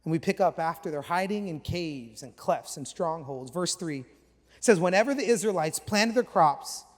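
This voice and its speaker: A man in his thirties, a pastor, giving a sermon in lively storytelling, sometimes dropping to hushed asides. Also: a little high, moderate pace. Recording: long hall reverb.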